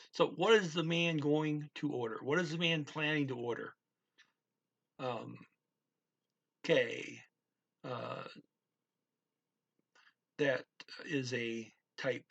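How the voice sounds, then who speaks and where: A man with a bright, husky voice talks slowly through a grammar lesson. He is patient, repeats each word, and fills his pauses with ums and restarts. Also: mid-range voice, poor audio. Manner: slow, patient, repeats words, many fillers and restarts. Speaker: language teacher. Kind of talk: explaining grammar.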